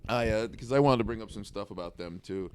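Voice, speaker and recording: A man's voice: fairly low pitch, fast, darkish tone, a little hiss or hum. A man co-hosting a casual podcast chat, blunt and opinionated, laughing often. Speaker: podcast co-host.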